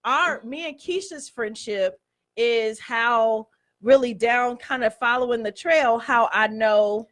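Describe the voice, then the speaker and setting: A woman co-hosts a faith radio show, talking casually and giving shout-outs to listeners. She laughs easily, and her voice sits a bit high. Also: slow pace. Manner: chatty, laughs often, gives shout-outs. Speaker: co-host.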